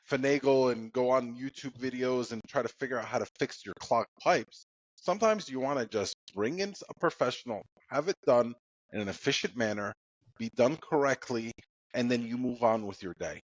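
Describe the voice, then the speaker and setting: A man co-hosting a podcast in a calm, laid-back way, leaning on lots of "you know" fillers. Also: medium pitch, dry recording, muffled recording. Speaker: podcast co-host. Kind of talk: casual podcast chat.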